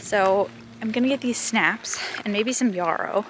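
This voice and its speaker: A woman's voice: medium pitch, measured pace, slight background noise. A woman chatting casually as she walks around her farm, a bit out of breath, rambling and laughing now and then. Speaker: farm vlogger. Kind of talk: casual vlog chat. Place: outdoors on a farm.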